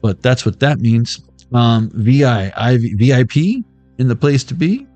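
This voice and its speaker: A man's voice: mid-range voice, expressive, a little slow, darkish tone, no echo, faint music behind. A man giving a casual, rambling intuitive tarot reading, free-associating words aloud and laughing often. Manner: rambling, word-associating, laughs often, sings snatches of old songs. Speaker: tarot reader.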